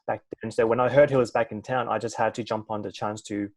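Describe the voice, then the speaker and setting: A man interviewing a fighter, asking relaxed, friendly questions. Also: fairly low pitch, quick pace. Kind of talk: casual interview.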